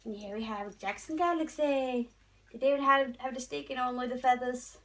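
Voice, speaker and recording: A young Norwegian woman vlogs about her pets, opening new things at home and talking to her animals in a cooing, sing-song voice. She speaks high, at normal speed, with fairly even intonation and a fairly bright tone. Background noise fills the home recording.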